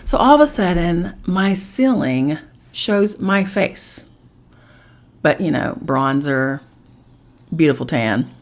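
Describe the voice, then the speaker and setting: A woman hosting a podcast, telling a personal story in a casual, animated way and swearing freely. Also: on the low side, takes it slowly, pauses often. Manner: animated, swearing, acts out voices of others. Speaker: podcast host.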